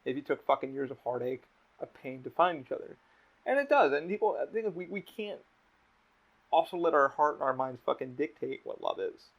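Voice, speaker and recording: A man's voice: on the high side, big pitch swings, a little fast. A man hosting a podcast in casual chat, talking candidly and rambling, swearing a lot. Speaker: podcast host. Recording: dull lo-fi audio.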